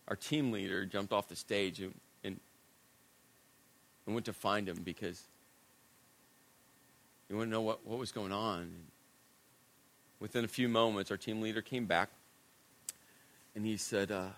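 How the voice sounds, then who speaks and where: A middle-aged man preaching a sermon, telling a personal story in a conversational, self-deprecating way and dropping to a hushed voice at serious moments. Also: fairly low pitch, a little slow, pauses often. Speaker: pastor.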